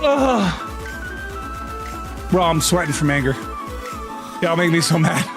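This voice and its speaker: Speaking at a normal pace in a steady, somewhat high-pitched voice, a young streamer pretends to be fed up with his chat, cursing and laughing through the rant. Faint music can be heard in the background.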